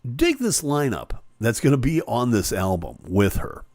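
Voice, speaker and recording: A man's voice: medium pitch, wildly swooping pitch, darkish tone, no echo, studio quality. A male host in casual live-stream chat, reading comments and talking with many fillers and restarts. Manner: chatty, halting with fillers and restarts.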